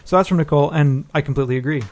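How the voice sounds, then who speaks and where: A male podcast co-host who talks quickly and informally. He reads listener emails aloud in a brisk, conversational way. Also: fairly high pitch, a little mellow. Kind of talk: casual podcast chat.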